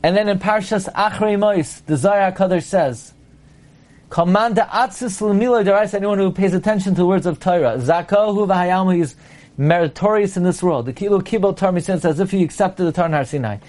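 A man's voice: sits high, fairly quick, a little mellow. A man teaching a Torah lecture, emphatic, asking his listeners rhetorical questions and quoting Hebrew and Aramaic texts before translating them.

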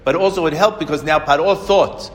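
A man teaches the weekly Torah portion, asking questions and answering them himself in a lively way. His voice sits a little high. The sound trails off in a long reverb, as in a hall. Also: fairly quick.

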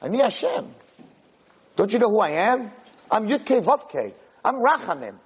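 A man's voice: on the high side, animated, a little fast, husky. A man voicing God as a stern voice rebuking a prophet in a sermon.

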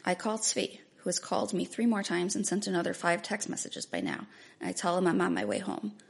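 A woman with a deep, gravelly voice full of vocal fry reads her own memoir aloud. Her tone is husky and a little low, and she paces each line in an earnest, measured, introspective way. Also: big pitch swings. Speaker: memoir narrator. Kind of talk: first-person memoir reading.

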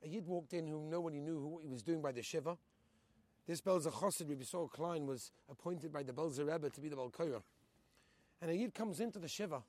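A man telling a solemn religious story, peppering his English with Hebrew and Yiddish words, rising to loud fervor and sinking to hushed tones. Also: dry recording. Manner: builds to high, loud intensity, then drops to hushed, solemn tones. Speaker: storyteller on a group heritage trip. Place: on location at a memorial site.

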